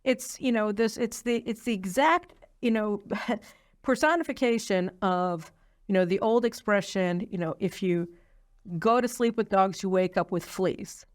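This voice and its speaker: A woman's voice: mid-range voice, measured pace. A woman hosting a political commentary show, talking in an opinionated way with many fillers. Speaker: host.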